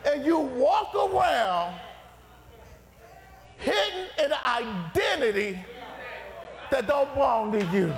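A male preacher in a church sanctuary, his voice set unusually high and delivered at a slow, drawn-out pace. He shouts his lines with a gravelly grit in his throat, and the sound rings through a long, reverberant hall over a faint congregation. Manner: shouted, impassioned preaching with repeated phrases. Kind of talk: fiery sermon.

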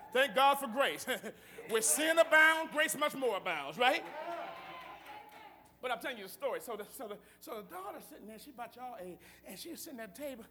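A man from Akron, Ohio preaching a sermon, emphatic and joking, breaking into loud outbursts. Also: very high voice, sing-song, normal speed, crowd noise. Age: adult.

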